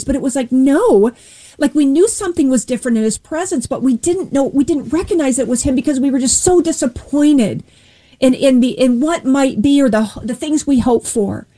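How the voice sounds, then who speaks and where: A woman's voice: high-pitched, lively intonation, moderate pace, mellow, low-quality recording. A woman earnestly sharing a personal faith testimony and retelling a Bible story with voiced dialogue.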